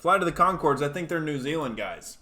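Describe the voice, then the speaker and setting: A man's voice: fairly high pitch, animated, brisk, pushed and bright. A man in his thirties hosting a comedy livestream, ranting loosely, swearing and reading out chat messages. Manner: profane, ranting, loose and jokey. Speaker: comedian host.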